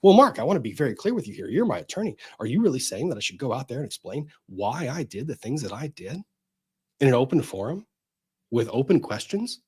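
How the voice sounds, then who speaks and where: A man's voice: mid-range voice, sing-song, fairly quick, darkish tone, husky, voice pushed down. A man mockingly playing a defensive young male executive questioning his lawyer.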